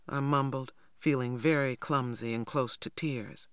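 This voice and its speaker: An audiobook narrator reading a first-person novel in a measured, even storytelling manner. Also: medium pitch, clear, resonant tone, no echo, clean studio sound.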